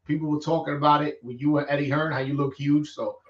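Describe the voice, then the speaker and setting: Fields: Sex: man. Style: animated street-talk boxing chat. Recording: roomy, distant, lo-fi. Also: fairly high pitch, fast. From New York. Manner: animated, streetwise slang, frequent restarts. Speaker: boxing vlogger host. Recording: roomy, distant, dull lo-fi sound.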